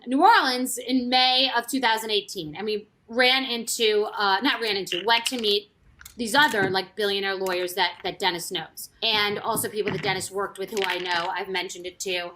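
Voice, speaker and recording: Lady spilling tea, candid and rambling, keeps restarting, crisp bright voice. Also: medium pitch, normal speed, a little hiss or hum. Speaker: former reality TV cast member. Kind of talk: casual gossip storytelling.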